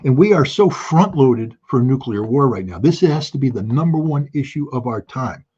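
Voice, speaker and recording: A man in his sixties talks politics with mounting urgency, pressing his points and circling back to key lines. His voice is husky, at a middling pitch. The call audio is dull and muffled. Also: animated, moderate pace, darkish tone. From United States. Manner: urgent, emphatic, repeating key phrases. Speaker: guest commentator. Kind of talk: impassioned political talk.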